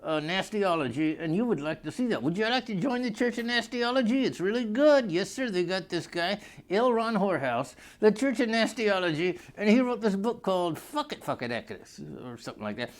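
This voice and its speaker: A man's voice: high voice, animated, fairly quick, few pauses. A man hosting a comedy vlog, delivering a crude, rambling monologue that keeps slipping into put-on voices and a drawl.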